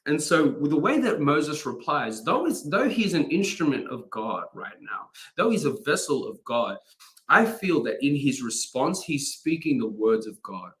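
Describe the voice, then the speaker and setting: A man's voice: fairly high pitch, sing-song, normal speed, fairly bright tone. A man, a chaplain, giving an informal daily devotional talk, reading scripture and breaking off with self-corrections and asides.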